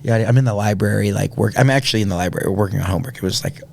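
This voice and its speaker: A man's voice: fairly low pitch, very fast, gravelly, a little mellow. A man, telling a personal story earnestly on a podcast, with many fillers and restarts. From Indiana, USA. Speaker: podcast guest. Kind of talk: casual storytelling.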